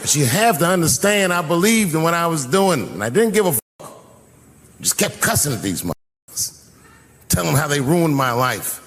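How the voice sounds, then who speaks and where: Middle-aged comic guy telling a story, cusses a lot, pitch all over the place, big hall echo. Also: normal speed, a little hiss or hum. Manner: profane, animated storytelling. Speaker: stand-up comedian. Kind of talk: stand-up storytelling. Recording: live venue with long reverb.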